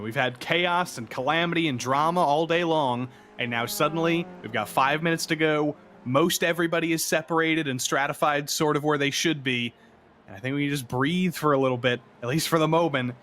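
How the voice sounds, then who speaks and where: Chatty, easygoing race co-commentator. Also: male voice, fairly high pitch, fairly quick, a little hiss or hum. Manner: relaxed, chatty analysis with jokes. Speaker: color commentator.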